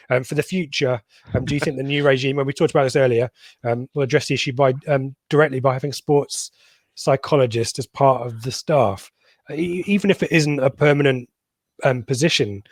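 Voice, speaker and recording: A man's voice: mid-range voice, fairly quick, no room sound. A man hosting a casual football podcast, reading out listener questions with a lot of hesitant ums. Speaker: podcast host.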